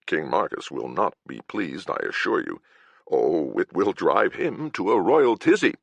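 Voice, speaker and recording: A man's voice: low voice, big pitch swings, unhurried, creaky, no echo, full character voice. Guy doing a fussy prissy fancy lord voice, all lilty and swoopy. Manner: prissy, affected. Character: foppish dainty male noble.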